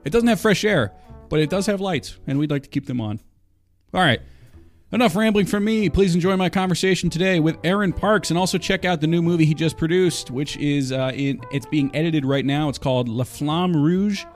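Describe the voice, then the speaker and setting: A man's voice: on the high side, fairly quick, soft background music. A man hosting a podcast, talking casually in a rambling, self-deprecating and wry way. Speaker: podcast host. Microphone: studio microphone.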